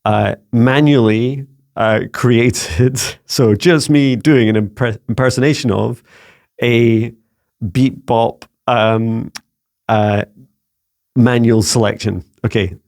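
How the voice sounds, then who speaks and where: This Scottish man's voice is medium-pitched, slow, creaky, and a little mellow, with a steady tone. As a psychic mentor hosting a spiritual guidance channel, he talks casually and musingly, often reaching for words with "you know" and "um."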